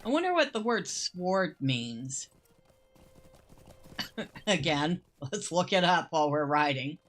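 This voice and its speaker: A gameplay host chats casually while she plays, musing aloud at an unhurried pace and laughing easily. Her voice is deep and swings widely in pitch.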